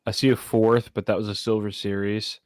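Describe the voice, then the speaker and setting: A man's voice: lowish voice, level tone, moderate pace, dry recording, studio quality. A man hosting a casual podcast, thinking aloud in a rambling, easygoing way. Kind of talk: casual chat.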